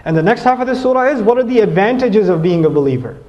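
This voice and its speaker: Fast-talking, animated male preacher. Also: sits high. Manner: animated, conversational, acts out quotes. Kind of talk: sermon. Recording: echoey hall, dull lo-fi sound.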